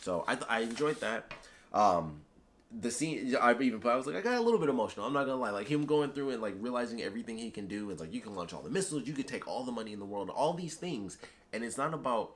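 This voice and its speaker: A YouTube movie reviewer gives a casual, rambling spoken review, enthusiastic and heavy on fillers like "like" and "you know." His mid-range voice is expressive and fast, with slight background noise.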